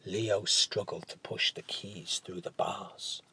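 A man narrating a storybook tale in a hushed, dramatic manner that often drops to a whisper. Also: low voice, fairly even intonation, slow, creaky, slightly rough.

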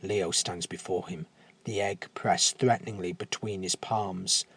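A man narrating a fairy tale in a gentle, unhurried storytelling manner. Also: low voice, fairly even intonation, breathy edge, no echo.

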